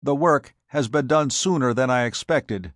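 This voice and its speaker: A man voicing a calm, commanding male alien survivor who gives precise instructions. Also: mid-range voice, moderate pace, dry recording, clean studio sound, voice pushed up, lightly acted. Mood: instructive.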